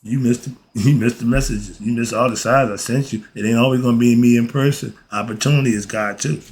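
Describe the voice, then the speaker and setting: A man's voice: medium pitch, steady tone, a little fast, a little mellow. A man teaching philosophy in a casual, emphatic way, often throwing rhetorical questions at his listeners. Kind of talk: casual spoken lesson.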